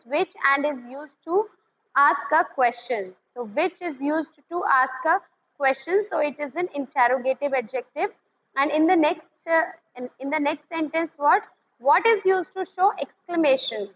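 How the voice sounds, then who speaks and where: A woman teacher walks a class through grammar in a high voice, pausing on fillers and slipping into Hindi to explain. The recording is dull and lo-fi, with a faint hiss underneath. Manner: explains slowly with many fillers, switches into Hindi to clarify. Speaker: school English teacher. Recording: muffled lo-fi recording with faint noise.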